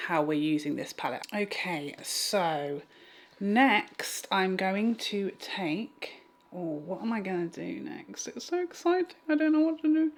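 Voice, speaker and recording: A woman vlogging a makeup tutorial at home, chatty and self-mocking as she talks straight to her viewers. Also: on the low side. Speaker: beauty vlogger. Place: home room with a fan.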